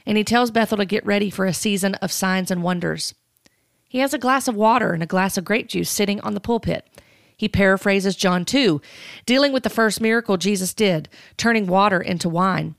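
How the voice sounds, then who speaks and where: A woman giving spoken commentary on church teaching, speaking in a measured, cautioning way. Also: mid-range voice, gravelly, dry recording, studio quality.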